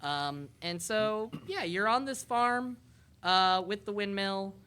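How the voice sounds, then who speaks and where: Bright-voiced woman game master. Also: medium pitch, animated, slow pace, smooth. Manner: rambling, lots of ums and uhs. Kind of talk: narrating a tabletop game.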